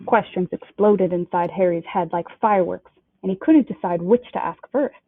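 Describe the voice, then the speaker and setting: A woman reading a novel aloud with expressive storytelling narration. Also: lowish voice, moderate pace, husky, no room sound. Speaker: storybook reader. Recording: dry, tinny phone-like sound.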